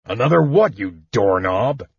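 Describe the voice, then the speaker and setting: Gruff old dwarf, husky and halting, read by a man in an audiobook. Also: medium pitch, big pitch swings, dry recording, lo-fi sound, heavily acted.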